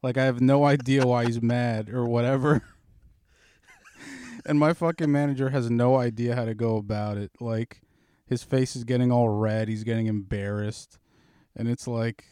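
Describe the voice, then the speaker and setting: A man's voice: mid-range voice, fairly even intonation, normal speed, mellow, clean tone, no echo, studio quality. A man telling a story in a casual podcast chat, swearing freely and teasing his co-host.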